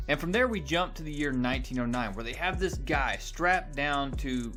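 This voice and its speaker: Lively guy chatting through a comic preview, kinda highish voice, faint music behind. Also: moderate pace, hardly any pauses. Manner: chatty, animated, self-deprecating. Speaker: comic book reviewer. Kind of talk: casual video review.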